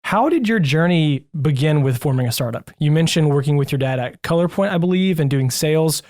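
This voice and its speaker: A man's voice: a little high, lively intonation, a little fast, darkish tone. A man hosting a podcast interview, upbeat, enthusiastic and jokey. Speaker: podcast host.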